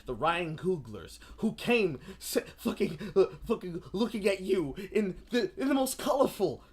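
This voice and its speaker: A woman streamer ranting in casual commentary, profane and animated, often slipping into mocking voices. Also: on the low side, measured pace, husky.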